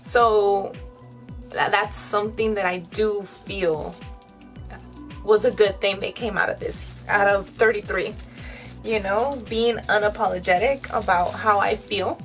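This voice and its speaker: A woman's voice: medium pitch, fairly even intonation, measured pace, soft background music, poor audio. A woman in her thirties chatting candidly to her viewers while she dyes her hair, fillers all through. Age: 30s. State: tearful at times. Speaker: vlogger. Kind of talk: casual chat while dyeing her hair.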